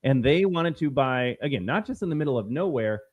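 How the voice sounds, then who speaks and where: A man's voice: mid-range voice, lively intonation, a little fast, dull audio. A man from Minnesota hosting a solo political commentary stream, talking in a combative, sarcastic and emphatic way.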